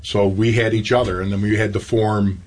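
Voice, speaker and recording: A man's voice: on the low side, flat delivery, normal speed, a little mellow. A middle-aged man, a veteran guest in an interview, talking casually with many fillers. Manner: casual, chatty, with filler words. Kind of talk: interview conversation.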